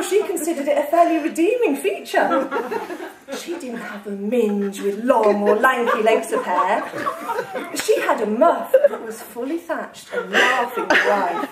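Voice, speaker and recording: Woman author reading her funny book to a room, high voice, kinda far from the mic, echoey, people laughing. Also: moderate pace, a crowd in the background. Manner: lively, amused storytelling. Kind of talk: live reading of comic fiction. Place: literary salon with a live audience.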